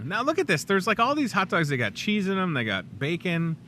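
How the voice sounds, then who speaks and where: A man's voice: high-pitched, wildly swooping pitch, fairly quick, bright, forceful tone, a little hiss or hum. A middle-aged man with a Midwestern accent hosting a casual, jokey talk show from a grocery store aisle, upbeat and chatty. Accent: Midwestern American. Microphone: clip-on lapel mic.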